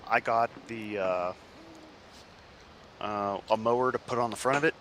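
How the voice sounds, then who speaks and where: Bright-voiced man chatting over faint noise. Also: on the low side, unhurried. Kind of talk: casual chat.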